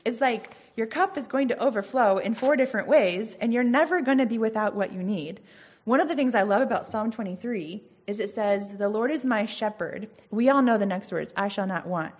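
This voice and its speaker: Woman, casual devotional teaching, earnest, chatty asides, mid-pitched, slightly muffled. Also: darkish tone. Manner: earnest, conversational, reads scripture aloud. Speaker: Christian teacher.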